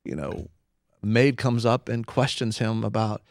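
A man's voice: on the low side, animated, a little slow, gravelly, dry recording, studio quality. A man hosting a Christian talk show, speaking emphatically like a preacher and repeating points for stress.

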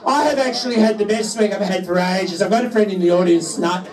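A man's voice: high voice, fast talker, darkish tone. Camp man telling bawdy jokes. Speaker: drag queen comedian. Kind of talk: live stand-up banter. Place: licensed music venue, on stage. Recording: roomy live venue, mic far off, crowd noise.

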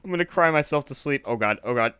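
A man casually commentating his gameplay, panicky and exclaiming, quick to laugh. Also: medium pitch, expressive, a bit bright, clear, resonant tone. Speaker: gaming video host.

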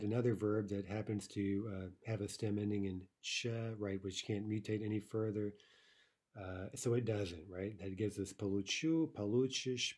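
A man's voice: lowish voice, a little mellow, breathy edge. A man teaching a recorded online language lesson, explaining step by step and often checking in with "right?".

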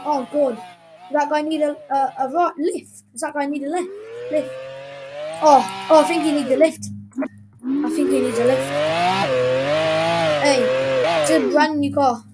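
High-voiced young woman narrating gameplay. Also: rough recording. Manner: rambling, giggly, easily flustered. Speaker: gaming channel host. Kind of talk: casual gameplay commentary. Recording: loud background noise.

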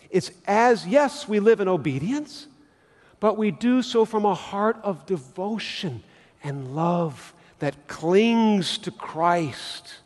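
A man's voice: a little high, darkish tone. A man preaching a sermon as pastor, telling everyday stories and acting out little scenes as he makes his point. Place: church sanctuary. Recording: long church reverb.

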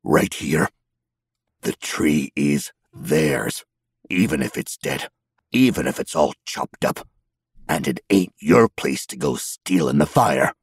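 A small humpbacked goblin , put on by a male audiobook reader, growls out rustic, folksy speech in a low, husky voice. He is stubborn and prickly, drawing his words out slowly and heavily. The recording is close and dry. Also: lively intonation, dry recording, heavily acted. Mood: brooding. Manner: snappish, then slow and brooding.

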